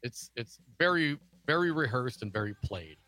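A man's voice: medium pitch, very animated, moderate pace, bright, forceful tone. A man co-hosting a political talk show, reading news stories aloud and adding sarcastic asides.

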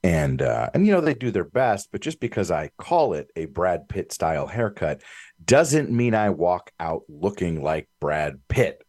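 A man with a low, deep voice argues politics with rising heat. His delivery swings widely in pitch as he builds emphasis. The sound is close and dry, with no room around it. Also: a little slow, dry recording. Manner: animated, building to fired-up emphasis. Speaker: political commentator. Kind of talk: political talk radio discussion.

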